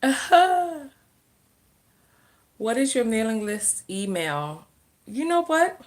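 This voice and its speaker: A woman's voice: fairly high pitch, very animated, a little slow. A woman who coaches on self-love and relationships, hosting a casual livestream Q&A. She reads viewer comments and answers on the fly, often trailing off and restarting mid-sentence.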